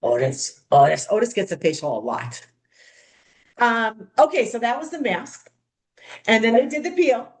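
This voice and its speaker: A woman's voice: a little high, lively intonation, normal speed. A woman coaching others how to run a skincare party, demonstrating steps in a bubbly, chatty way and calling the group "you guys". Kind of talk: hands-on demonstration talk.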